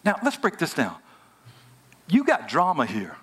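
A man preaching with a bright, tense edge to a somewhat high voice. He jokes, slips into slang and draws the audience in as he talks. The sermon moves between playful asides and earnest points. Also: a little slow, breathy edge. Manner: animated, joking, colloquial, talks with the audience. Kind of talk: lively sermon. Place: hotel event room before a live audience.

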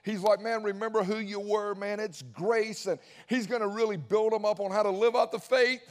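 A man preaching in a lively, conversational way, his voice sitting a little high and ringing out with a long hall reverb. He drops in folksy asides as he teaches. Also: moderate pace. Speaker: pastor. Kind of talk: sermon.

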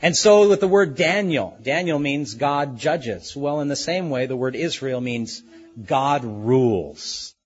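A male pastor delivering an expository sermon, earnest and unhurried, dwelling slowly on key words. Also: medium pitch, animated, lo-fi sound.

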